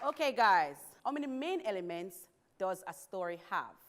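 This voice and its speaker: A woman hosting a children's show, telling a story with expressive delivery and then quizzing the children, praising each answer. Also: medium pitch, moderate pace, crowd noise, background noise. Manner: expressive, animated reading aloud. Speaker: children's show host and teacher. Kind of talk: storytelling and classroom quiz.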